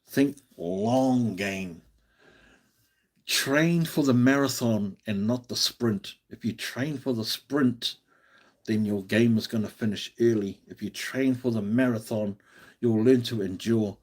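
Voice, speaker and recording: A man's voice: medium pitch, slow pace. An Australian man hosting a live stream, chatting casually and encouragingly, often restarting his sentences.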